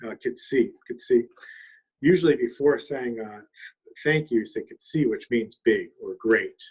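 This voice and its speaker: A soft-spoken man in a longhouse, calmly explaining words and songs to an audience and pausing often as he speaks. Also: mid-range voice, husky, low-quality recording. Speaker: singer and language teacher.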